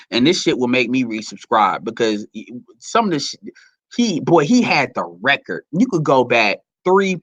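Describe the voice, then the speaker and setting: A man's voice: mid-range voice, fairly bright tone, no echo. A man giving heated, profane, rambling commentary to his audience. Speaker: commentary vlogger.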